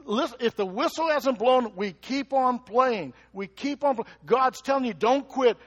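A man preaching a lively sermon, who keeps asking the congregation questions and chuckles between points. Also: very high-pitched, normal speed, dull audio. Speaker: pastor.

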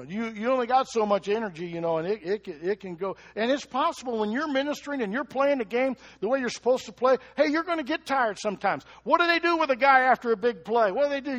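A man preaching a lively sermon, who keeps asking the congregation questions and chuckles between points. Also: sits high. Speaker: pastor.

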